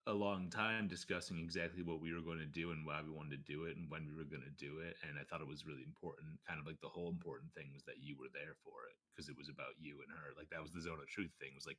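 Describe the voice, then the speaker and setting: Halting low-voiced man playing his character. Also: fairly even intonation, sharp tone. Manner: hesitant, halting, stammering. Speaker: player voicing his character. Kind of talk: in-character tabletop role-play.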